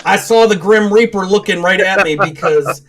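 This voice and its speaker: A man's voice: sits high, normal speed, fairly bright tone, a little hiss or hum. A middle-aged man co-hosting a gaming podcast in casual chat, rambling, swearing and laughing often. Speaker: podcast co-host.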